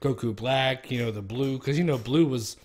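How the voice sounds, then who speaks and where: A man's voice: mid-range voice, normal speed, darkish tone. A young man streaming, chatting casually in a rambling, profane way and laughing at his own stories. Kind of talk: casual chat.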